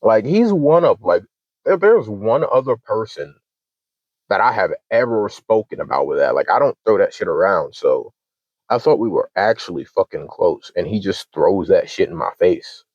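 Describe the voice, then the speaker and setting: A young man with a low, deep voice tells a long story in a heated, profane rant, acting out both sides of an argument. The sound is dull and lo-fi, dry with no room echo. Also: sing-song, moderate pace, darkish tone. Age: 20s. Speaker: channel host.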